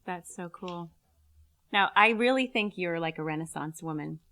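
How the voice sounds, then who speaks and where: A woman's voice: on the low side, moderate pace, fairly bright tone. Woman host asking interview questions. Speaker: talk show host.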